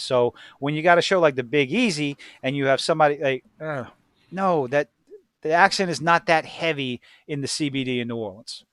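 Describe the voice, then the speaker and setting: A man's voice: medium pitch, a bit bright, no echo, clean studio sound. A man from Louisiana with a Cajun accent, hosting a podcast in casual, profane, rambling chat that drifts into tangents. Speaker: podcast host.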